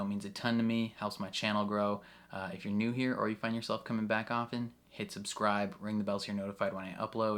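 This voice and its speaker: A man's voice: fairly low pitch, a bit bright. A man giving casual, chatty reaction commentary on an episode, laughing often between thoughts. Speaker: reaction video creator.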